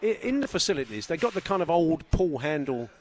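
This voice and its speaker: A man's voice: a little high, big pitch swings, fairly quick. A man hosting a radio sports show on location, telling dry, jokey stories in casual chat. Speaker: radio host. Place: broadcasting on location abroad.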